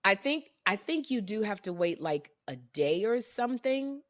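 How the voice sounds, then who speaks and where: A woman co-hosting a casual podcast chat, talkative and animated, often repeating and restarting her sentences. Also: medium pitch, moderate pace, no echo, studio quality. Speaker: podcast co-host.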